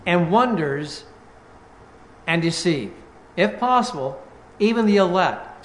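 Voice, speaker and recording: A pastor preaching a sermon, reading scripture aloud with rising, emphatic force. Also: male voice, high-pitched, lively intonation, slow pace, pauses often, fairly bright tone, roomy sound.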